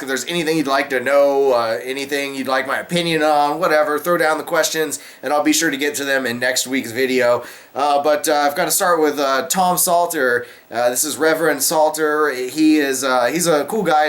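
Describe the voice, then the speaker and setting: A man hosting a casual beer vlog, talking in a relaxed, rambling way with lots of fillers while he sips beer. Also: fairly high pitch. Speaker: beer review vlogger, channel host. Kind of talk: casual chat to camera.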